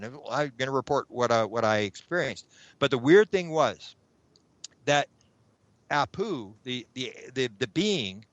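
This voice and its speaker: Middle-aged male guest, chatty storyteller, mid pitch, dry lo-fi sound. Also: dry recording. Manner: animated, acts out his own past thoughts. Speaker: guest, UFO researcher. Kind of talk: rambling anecdotal storytelling. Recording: dull lo-fi sound.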